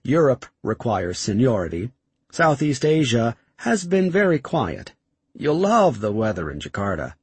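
A man voicing a smooth, reassuring male corporate recruiter in an audiobook, with a calm sales-pitch delivery. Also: a little slow, no echo, full character voice.

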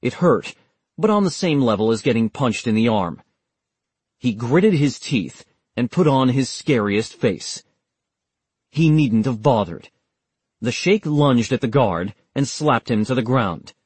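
Male audiobook narrator, husky and dry, steady measured read. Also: mid-range voice, no room sound. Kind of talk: scripted narration.

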